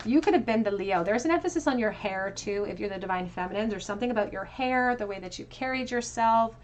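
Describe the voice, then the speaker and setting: In a mid-range voice at a quick pace, with slight background noise, a tarot reader offers a pick-a-card reading. She reflects aloud on each card's meaning, using easygoing, soft fillers.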